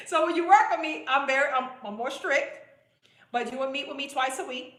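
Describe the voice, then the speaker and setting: In a roomy, echoing recording, a woman weight-loss coach pitches to her live-stream viewers in a casual, blunt, chatty manner, repeating herself and calling them "boo." She speaks briskly in a high pitch with fairly even intonation and a fairly bright tone.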